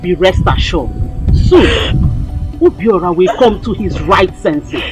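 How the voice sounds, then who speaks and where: An actress with a Nigerian accent playing a calm, assured mother who reassures a distressed friend, in a film drama. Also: on the low side, slow pace, over music. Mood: reassuring. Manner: calming, reassuring. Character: soothing, assured mother of a prince's rival. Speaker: actor.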